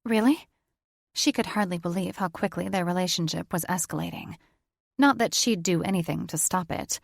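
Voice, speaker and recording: A woman narrating a romance audiobook with steady, intimate storytelling. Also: lowish voice, fairly quick, creaky, no room sound, studio quality.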